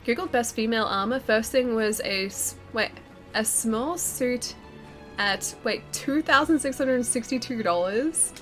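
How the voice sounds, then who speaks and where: A woman's voice: on the high side, a little slow, a bit bright. A woman with a head cold, her voice stuffy and nasal as she chats casually on a live stream. She laughs easily and pokes fun at herself, close on a pop-filtered mic in a home room with faint game music underneath. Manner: chatty, giggly, self-deprecating. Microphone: close studio mic with pop filter.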